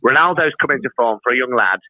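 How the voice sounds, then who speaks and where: A man's voice: mid-range voice, lively intonation, fast, no room sound. Casting: man on a video call, slightly muffled, dry sound, mocking banter. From Scarborough, England. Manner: mocking, puts on silly voices to tease. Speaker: rival fan guest on a video call. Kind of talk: casual banter.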